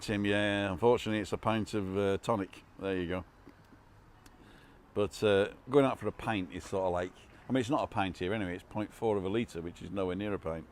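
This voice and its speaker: A man's voice: lowish voice, a little mellow. An older man rambling casually through a live stream from an outdoor bar terrace, reading out comments with many restarts and asides.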